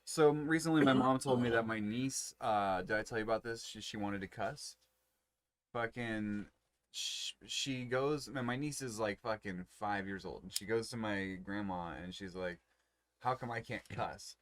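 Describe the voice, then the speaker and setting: A man's voice: lowish voice, normal speed. A man rambling in a laid-back, profane way during a casual podcast chat while smoking. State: smoking cannabis. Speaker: podcast co-host.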